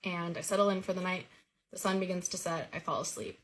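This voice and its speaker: A woman's voice: on the low side, a little fast. A woman earnestly recounting a vivid personal dream story in a casual way. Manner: earnest, vivid retelling with lively quoted dialogue.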